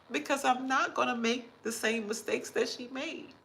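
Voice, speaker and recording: A woman's voice: high-pitched, steady tone, moderate pace, gravelly, fairly bright tone, slight background noise, low-quality recording. A woman in her fifties talking heartfelt and emotional in a casual livestream, reading viewer comments aloud. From Texas. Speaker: vlogger.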